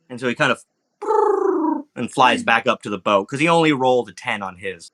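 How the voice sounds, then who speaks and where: A man narrating as game master, animated, with sound effects and lots of fillers. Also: medium pitch, fairly quick.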